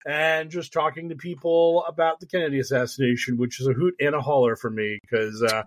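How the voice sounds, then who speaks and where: Podcast co-host, male, rambling and excitable, slightly high, dry mic. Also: brisk, no room sound. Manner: rambling, excitable, laughs often. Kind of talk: casual chat. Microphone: studio mic.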